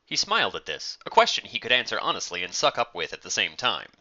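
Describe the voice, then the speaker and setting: A man reading a story aloud as narrator, in a measured, expressive way, on a dull lo-fi recording. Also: fairly low pitch.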